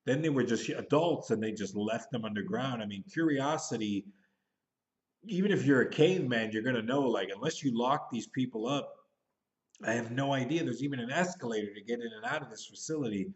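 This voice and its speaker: A man in his thirties talks through a movie review off the cuff, rambling and rushing to fit it in. His voice sits at an ordinary middle pitch. The home recording sounds dull and lo-fi. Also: animated. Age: 30s. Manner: rambling, hurried, thinking aloud. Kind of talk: casual spoken movie review.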